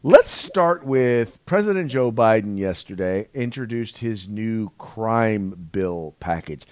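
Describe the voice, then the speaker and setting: A man's voice: fairly low pitch, lively intonation, slow pace, no echo. A man hosting a casual political podcast from his studio, mixing sarcastic jokes with news commentary. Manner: jokey, sarcastic asides. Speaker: host. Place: home studio.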